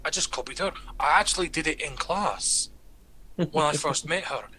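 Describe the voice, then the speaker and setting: A man's voice: fairly high pitch, moderate pace, a little hiss or hum. A British man chatting casually as a player at a tabletop game, telling jokey stories. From Britain. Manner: animated storyteller, jokey.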